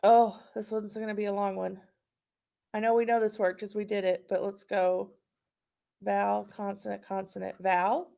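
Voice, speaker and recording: A woman's voice: mid-range voice, level tone, moderate pace, creaky, warm tone. A woman teacher leading a patient, encouraging phonics lesson for young children.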